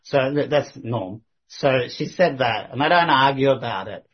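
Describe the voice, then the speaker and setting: A husky-voiced man tells a personal story in a casual, animated way. His pitch swings up and down a lot, and he laughs and restarts his sentences often. The recording sounds dull and lo-fi. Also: normal speed.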